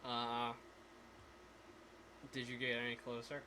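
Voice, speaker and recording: A man acting as game master on a live stream, thinking aloud with many pauses as he runs the scene. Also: mid-range voice, completely flat delivery, sharp tone.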